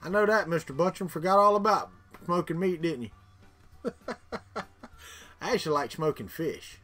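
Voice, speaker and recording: A man's voice: fairly high pitch, normal speed, fairly bright tone, faint music behind. A middle-aged man from Florida with a Southern accent, chatting casually with live viewers in a rambling way, repeating words and chuckling. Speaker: livestream host.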